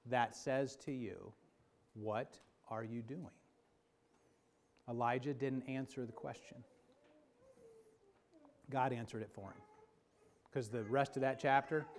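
A man preaching a sermon as pastor, swinging between emphatic calls and soft, hushed passages. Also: medium pitch, slight background noise. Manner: preaching with rising emphasis, then dropping to a soft hush.

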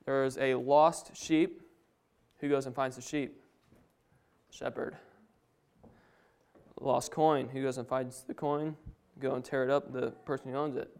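A man's voice: mid-range voice, level tone, unhurried, darkish tone, clean tone. A man preaching a sermon, reading scripture aloud and then explaining it in his own words with frequent restarts.

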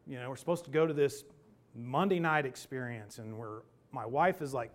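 Speaking at medium pitch and normal speed, a man delivers a sermon, recounting a personal story in an animated, emphatic way before leading a hushed, earnest prayer.

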